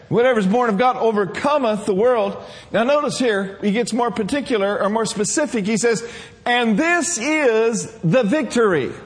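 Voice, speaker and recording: Man, preacher, high-pitched, sermon, call-and-response.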